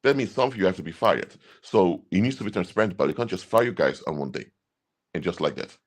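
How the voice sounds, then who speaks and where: Deep-voiced man giving earnest advice. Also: animated, fast talker. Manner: earnest, emphatic, repeats points. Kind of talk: advice talk to camera.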